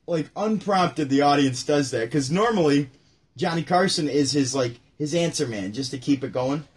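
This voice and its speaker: A man's voice: a little high, moderate pace, breathy edge. A man hosting his own show, chatting casually and ramblingly about his favorite comedians, with frequent restarts and asides. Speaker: show host. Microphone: home setup near a window.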